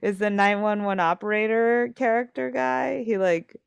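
A woman's voice: mid-range voice, fairly even intonation, normal speed, gravelly, clear, resonant tone, no echo, muffled recording. A young woman in casual chat, talking loosely with lots of fillers and laughter.

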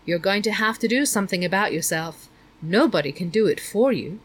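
A woman's voice: mid-range voice, animated, brisk, husky. A woman voicing a stern, prying middle-aged male school principal who lectures and talks down to a student. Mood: probing. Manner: lecturing, condescending.

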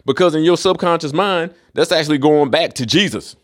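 A man's voice: on the high side, fairly quick. A man hosting a solo podcast, ranting in a casual, profane and emphatic way. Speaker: podcast host.

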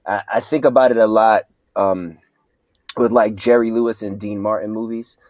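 A man with a lowish voice talks as a guest on a relaxed podcast. He sounds earnest and reflective, rushing some phrases and drawing out others as his thoughts form. The sound is dry, with no room echo. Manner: earnest, reflective, speeds up and slows down mid-thought. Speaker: actor and filmmaker guest. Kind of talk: casual podcast interview.

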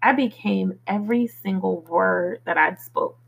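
A woman hosting a motivational podcast, who recites affirmations slowly and earnestly, then talks in a chatty way with fillers. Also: mid-range voice, vocal fry, a bit bright, husky, low-quality recording. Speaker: podcast host.

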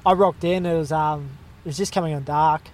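A man's voice: fairly high pitch, fairly even intonation, a little fast, a little mellow. A young Australian man from Western Australia telling a long, rambling story in casual chat, full of slang and fillers.

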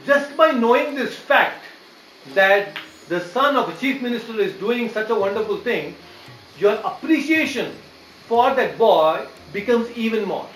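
A man's voice: high-pitched, animated, a little slow, a bit bright, a little hiss or hum. A man giving a devotional lecture, explaining patiently and often checking in with his listeners. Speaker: preacher. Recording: echoey room with faint ambience.

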